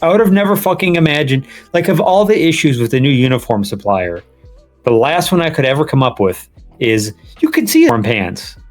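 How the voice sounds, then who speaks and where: Lively, profane male podcast co-host. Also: a little high, brisk, faint music behind. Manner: profane, animated, laughing storytelling. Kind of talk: casual sports podcast banter.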